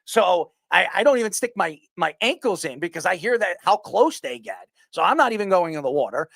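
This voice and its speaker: A man's voice: high-pitched, very animated, a little fast, gravelly, fairly bright tone, no echo, studio quality. A man from New York hosting a sports talk show, rambling with blunt opinions and repeated words.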